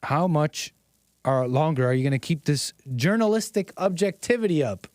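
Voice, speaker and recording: A man on a live stream mocks and picks apart what he has just watched, in a rambling, incredulous way. His voice sits a little high for a man. It is recorded close and dry, with no room sound. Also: animated, normal speed, a little mellow, no room sound. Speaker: commentary streamer. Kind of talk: sarcastic live-stream commentary.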